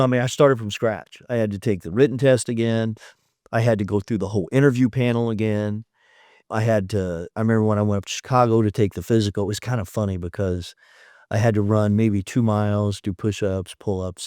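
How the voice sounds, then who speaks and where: Telling his story frankly and performing the quoted lines himself, the fifty-something podcast guest speaks fairly quickly in a conversational interview. His fairly low voice is a little mellow, recorded at studio quality with no room sound.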